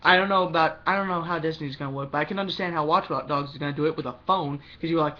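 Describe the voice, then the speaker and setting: A young man rambles through a casual gaming opinion vlog in a bright, slightly high voice. He rushes in bursts, trips over his words and starts again. The recording sounds dull and lo-fi. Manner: rambling, restarts often, talks fast in bursts. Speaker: gaming vlogger.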